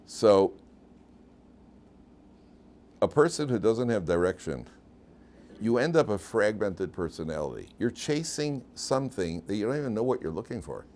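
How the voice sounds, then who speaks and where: Deep-voiced older rabbi telling stories. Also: male voice, sing-song, normal speed, long pauses, a little mellow. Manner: anecdotal, self-deprecating storyteller. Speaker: rabbi and yeshiva teacher. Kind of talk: humorous lecture with stories.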